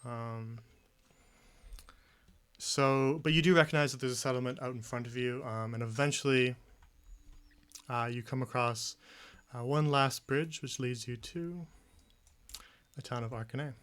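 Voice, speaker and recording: A man narrating as game master of a tabletop role-playing game, relaxed and a little hesitant. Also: medium pitch, unhurried, long pauses, clear, resonant tone.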